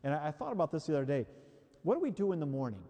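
A man preaching a sermon in an emphatic, animated way, repeating key phrases for the congregation. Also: a little high, racing. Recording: long hall reverb.

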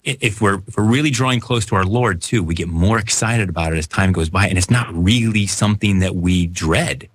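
A man's voice: low voice, brisk, few pauses, husky. A man hosting a radio talk show, asking questions and reflecting earnestly with his guest. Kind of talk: radio interview.

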